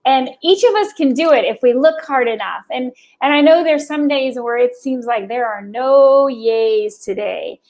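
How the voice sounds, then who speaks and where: A woman's voice: high voice, normal speed, few pauses, darkish tone. A woman guest on an interview show, bubbly and exclamatory, speaking in casual chat. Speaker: guest, former radio host.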